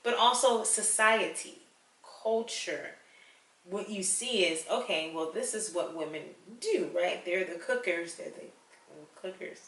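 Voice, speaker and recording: Chatty woman co-host, bright tone, recorded off-mic in a roomy space. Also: lowish voice, measured pace, recorded from a distance. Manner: animated and chatty, laughs often. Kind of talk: casual conversation. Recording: echoey room, a little off-mic.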